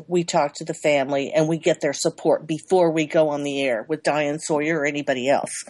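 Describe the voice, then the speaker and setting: A woman's voice: low-pitched, darkish tone, dry recording. A middle-aged woman publicist being interviewed, talking in rambling loops that repeat and restart. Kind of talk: interview guest.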